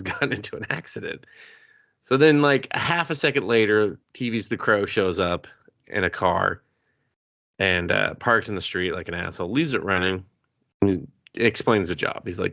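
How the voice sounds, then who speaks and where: Brief: male podcast co-host, lowish voice, profane, jokey, slips into character voices. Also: moderate pace, gravelly, fairly bright tone. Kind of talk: casual movie review chat.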